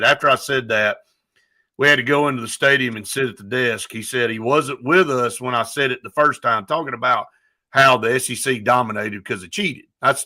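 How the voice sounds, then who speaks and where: Bright, animated male sports talk host. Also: medium pitch. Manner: animated, opinionated storyteller.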